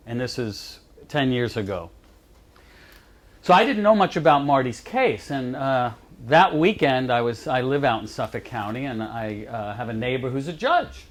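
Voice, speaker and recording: In a lecture room, a man with a medium-pitched, animated voice speaks at a normal speed. He's an advocate giving a college lecture, telling anecdotes to the audience in a chatty way and laughing at his own lines.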